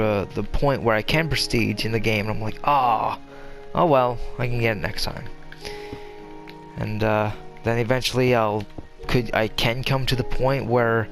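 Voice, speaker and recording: Rambling young man over gameplay. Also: medium pitch. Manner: rambling, meandering with many fillers and restarts. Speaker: gaming commentator. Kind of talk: casual gameplay commentary.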